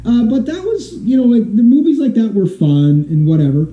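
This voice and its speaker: A man's voice: extremely high pitch, very animated, normal speed. A man in his forties from Canada, vlogging in a rambling, casual monologue, laughing often and restarting sentences. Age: 40s. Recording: tinny echoey lo-fi audio.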